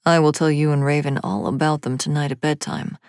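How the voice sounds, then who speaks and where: A woman voicing a tall, affectionate father who speaks in a low, easy, gently amused way in a storybook reading. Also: lively intonation, a little fast, dry recording, clean studio sound. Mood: fond.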